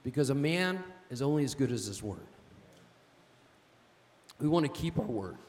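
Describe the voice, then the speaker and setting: A man's voice: medium pitch, big pitch swings, moderate pace, darkish tone. A male pastor preaching a sermon, telling stories with emphasis and asking "amen?". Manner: emphatic, storytelling, calls out "amen?". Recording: long reverb of a church hall.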